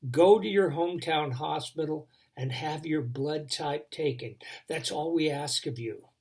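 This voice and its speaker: A man telling a dramatic devotional story, building tension and then dropping to a hush. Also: on the high side, breathy edge. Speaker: devotion speaker.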